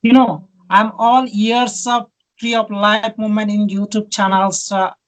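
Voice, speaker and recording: A host interviewing guests on a video call, speaking polite, grateful, halting English with many fillers, as a non-native speaker. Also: medium pitch, level tone, low-quality recording. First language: not English.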